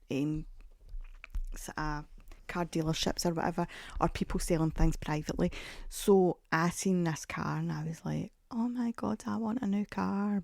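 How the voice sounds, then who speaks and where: Woman in her forties, podcast host, low gravelly voice, dry close sound, chatty rambling storyteller. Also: warm tone, dry recording. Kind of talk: casual podcast monologue.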